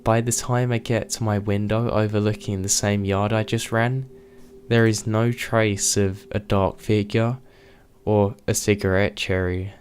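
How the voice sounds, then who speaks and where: A man narrating true scary stories in a measured, scripted storytelling delivery. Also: on the low side, flat delivery.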